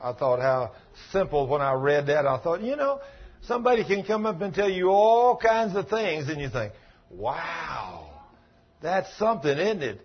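A man's voice: high voice, sing-song, moderate pace, dull audio. A man preaching a sermon in a folksy, emphatic way, telling stories and acting out the dialogue. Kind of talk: sermon with storytelling.

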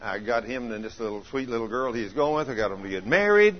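Male pastor, storytelling sermon delivery, husky tone, slightly muffled lo-fi recording. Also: mid-range voice, animated, fast. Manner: folksy storytelling preacher, swings from loud to hushed.

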